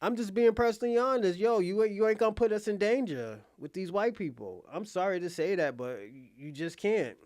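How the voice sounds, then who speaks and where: High-voiced blunt man ranting. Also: animated, brisk, hardly any pauses, darkish tone, dry recording, clean studio sound. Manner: blunt and profane, repeats that he is being honest; laughs between lines. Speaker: online commentator. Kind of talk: casual rant to viewers.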